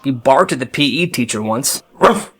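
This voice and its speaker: A man's voice: medium pitch, moderate pace, slight background noise. A man telling funny school stories in a comedic storytime style, slipping into voices for the people in them. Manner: animated storyteller jumping into character voices. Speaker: storytime creator.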